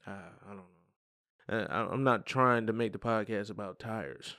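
Chill podcast guy, gravelly voice, dry close mic, lots of slang and cussing. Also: fairly low pitch, unhurried, sharp tone, no room sound. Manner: laid-back, slangy, swears freely, laughs often. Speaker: podcast co-host. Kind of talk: casual chat.

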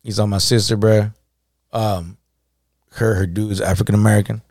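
A man's voice: on the low side, little pitch movement, normal speed, darkish tone, no room sound, studio quality. A man co-hosting a casual podcast, telling a story in heavy slang and acting out the quoted dialogue. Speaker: podcast co-host.

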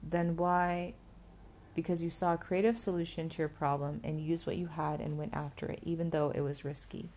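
A woman reading the part of a middle-aged mother with a dry, matter-of-fact manner in an audiobook, in a low voice. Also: little pitch movement, normal speed, a little mellow. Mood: warm.

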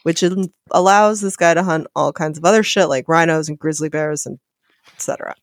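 A woman's voice: low-pitched, fairly quick, no echo, clean studio sound. A woman hosting a casual literature podcast, sardonic and profane, mixing story readings with jokes. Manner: profane, sardonic, reads story passages aloud. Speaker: podcast host.

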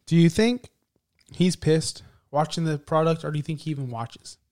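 A man with a slightly raised voice talks wrestling with a friend in relaxed, animated banter. He jumps between opinions and playful mockery. Casual and conversational throughout. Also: a little high, moderate pace. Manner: animated, mocks stiff promos in a robotic voice. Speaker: podcast co-host.

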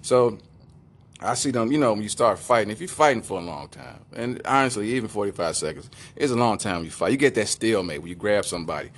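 Podcast co-host, a man spinning an animated, rambling comic tale. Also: on the low side, fast talker. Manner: animated, rambling, laughs often. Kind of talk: comedic storytelling.

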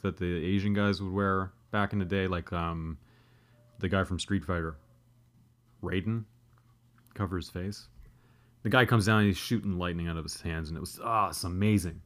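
Deep, gravelly man telling a profane story. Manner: profane, self-deprecating, animated. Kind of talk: comedic storytelling.

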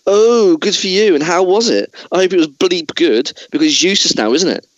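An enraged male film star tears into a crew member on set, as a man puts him on. He rants in a raised, higher voice and says "bleep" aloud instead of swearing. The sound is dry and close. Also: lively intonation, fairly quick, no room sound, low-quality recording. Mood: furious.

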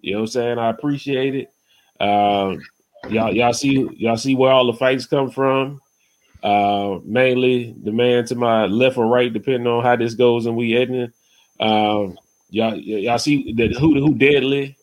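A man's voice: medium pitch, fairly even intonation, normal speed. A man hosting a podcast in loose, rambling casual chat, peppered with "you know what I'm saying" and getting heated when he rants. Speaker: podcast host.

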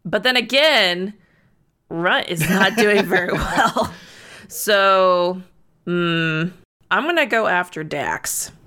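A woman's voice: lowish voice, slow pace, sharp tone. A woman player in a tabletop game, thinking aloud hesitantly while she decides her moves. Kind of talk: casual tabletop game chat.

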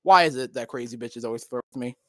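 A man's voice: mid-range voice, fast, dry recording. A young man telling a story in casual chat, rambling and profane with many fillers and restarts. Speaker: co-host.

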